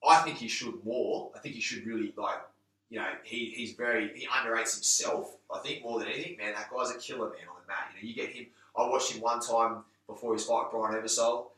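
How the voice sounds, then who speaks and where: An English-accented man talks fast and forcefully in a casual podcast chat, tripping over his restarts as he makes his point. His voice has a bright, hard edge. He sounds set back from the mic in an echoey room. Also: mid-range voice, recorded from a distance. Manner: rapid, emphatic, many restarts and swearing. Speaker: guest, MMA gym owner and coach.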